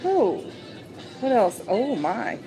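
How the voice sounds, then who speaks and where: Late at night in a shop, a woman hosts a casual livestream, chatting, giggling and greeting viewers as she goes. Her voice is a little high and dark-toned, very animated yet slow. The recording is rough, with clear music behind.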